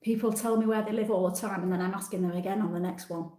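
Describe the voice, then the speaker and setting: A woman's voice: mid-range voice, fairly even intonation, fast talker, mellow, reverberant. Chatty woman in her sixties. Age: 60s. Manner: chatty, self-deprecating, reads comments aloud and answers. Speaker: livestream host reading viewer comments. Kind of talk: casual live chat.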